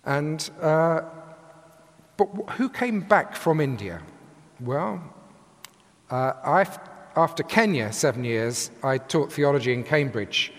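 Older man preaching in an echoing church. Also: medium pitch. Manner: lively, emphatic preaching cadence. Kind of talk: sermon. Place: large church with long reverb. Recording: echoey church hall.

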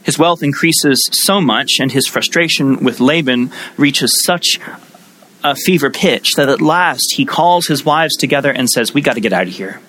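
Male preacher, sermon storytelling, relaxed and wry, voice sits a bit high. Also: a little slow, poor audio. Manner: conversational storytelling with humorous asides. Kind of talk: sermon, Bible teaching.

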